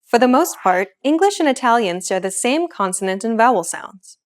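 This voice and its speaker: A woman's voice: a little high, lively intonation, normal speed. Woman hosting a pronunciation lesson. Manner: clear, explanatory, encouraging. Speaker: language lesson host. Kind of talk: scripted lesson narration.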